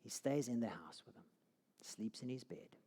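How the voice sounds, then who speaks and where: A man's voice: mid-range voice, lively intonation, normal speed, mellow, breathy edge. A man teaching a Bible course, telling the story dramatically and sinking to a near whisper at key moments. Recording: long hall reverb.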